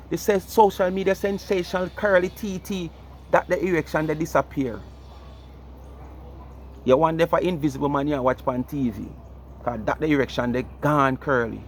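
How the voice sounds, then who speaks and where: A man's voice: a little high, moderate pace, a little hiss or hum. A man with a Jamaican accent giving a mocking, comedic ranting commentary, repeating the listener's name over and over. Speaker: vlogger.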